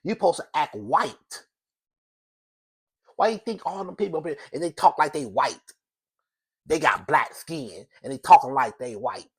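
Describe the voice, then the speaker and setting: A man's voice: fairly high pitch, animated, moderate pace, long pauses, slightly rough. Male host in a one-man opinion monologue, emphatic and repetitive, keeps restarting sentences. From United States. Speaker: show host.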